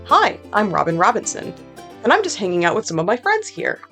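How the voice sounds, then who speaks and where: A woman's voice: mid-range voice, wildly swooping pitch, brisk, fairly bright tone, soft background music. A woman author and illustrator presenting and reading from her own children's book in a friendly, conversational way.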